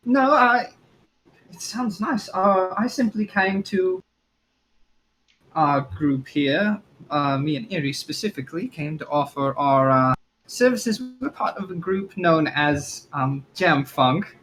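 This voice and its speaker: A man's voice: a little high, lively intonation, unhurried, a bit bright, rough recording. A man playing a tabletop game, speaking hesitantly in character as a performer. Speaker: player. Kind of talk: in-character tabletop role-play.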